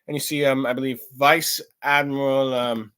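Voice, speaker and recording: A man's voice: medium pitch, little pitch movement, moderate pace, fairly bright tone, smooth. Rambling man recapping with many ums. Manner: rambling, lots of ums and self-corrections. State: a little tired. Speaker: chapter reviewer. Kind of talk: casual recap and review.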